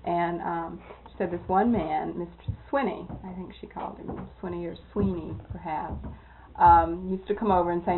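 A woman being interviewed, telling old anecdotes in a lively way that often breaks into laughter. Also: fairly low pitch, normal speed, background noise. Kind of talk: oral history storytelling. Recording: tinny lo-fi tape, phone-like.

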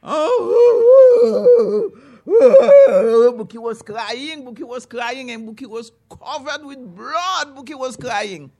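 Woman, folktale storyteller, animated, chanting repetitions, slow, high voice. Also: dull audio. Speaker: storyteller, author. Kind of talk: oral folktale telling to an audience.

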